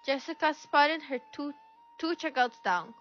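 A woman's voice: sits high, lively intonation, unhurried, a bit bright. A woman reading a children's story aloud, shifting her voice a little for each character. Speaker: storybook reader. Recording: dull lo-fi recording with faint music.

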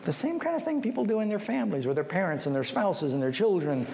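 In a fast, creaky, sing-song voice that is a little mellow, a male pastor preaches, acting out the people he quotes with big pitch swings as he tells stories. He closes with a pleading, personal appeal to the listeners. Expect hall reverb and faint background noise.

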